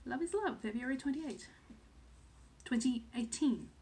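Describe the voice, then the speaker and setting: A woman's voice: high-pitched, expressive, unhurried, a little mellow. Chatty woman in her thirties from Australia. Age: 30s. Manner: chatty, filler-heavy, second-guessing herself. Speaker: cross-stitch vlogger. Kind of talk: casual chat to camera.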